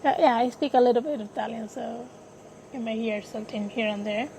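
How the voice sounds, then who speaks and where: Female podcast host, high voice, unhurried, hesitant, self-correcting, faint background noise. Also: fairly even intonation, warm tone, rough recording. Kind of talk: casual sports podcast talk.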